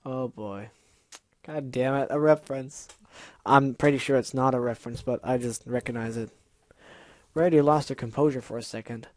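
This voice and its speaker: Chatty male reader, warm, dry sound. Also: mid-range voice, moderate pace, dry recording. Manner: stumbling, chatty, self-deprecating asides. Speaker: reader of fan fiction. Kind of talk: casual reading aloud with asides.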